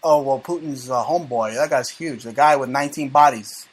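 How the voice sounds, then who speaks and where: A man's voice: mid-range voice, brisk, slightly rough. A man hosting a casual talk show, brash and profane, joking and mocking as he reads the news. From United States. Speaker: show host.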